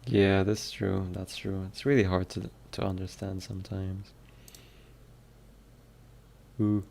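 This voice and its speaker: Low gravelly guy on a chill stream, talks slow, reading stuff out and thinking out loud. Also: little pitch movement. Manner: thinking aloud, reading questions and musing. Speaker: streamer working on his game. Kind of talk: casual live-stream chat.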